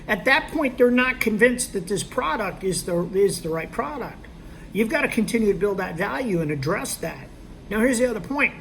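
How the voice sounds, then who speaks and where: A man's voice: high-pitched, lively intonation, normal speed, vocal fry, a bit bright, slight background noise. A man teaching a sales technique in a conversational way, checking in with his listeners as he goes and acting out both sides of a sales conversation. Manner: conversational, checks in with "okay?" and "all right?". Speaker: sales trainer. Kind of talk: instructional talk.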